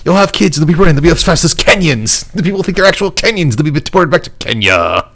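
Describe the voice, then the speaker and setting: A man doing a frantic, yelling impression of a male energy-drink ad announcer, all over-the-top hype. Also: fairly high pitch, big pitch swings, fast talker, voice pushed up, heavily acted. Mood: frenzied hype.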